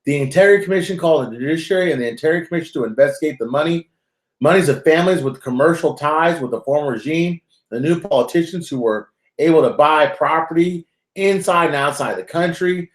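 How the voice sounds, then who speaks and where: The host of a live call-in currency stream talks fast in a loose, rambling, joking way. His voice is a little high for a man and echoes in a roomy space as he hops between reading news items and bantering with callers.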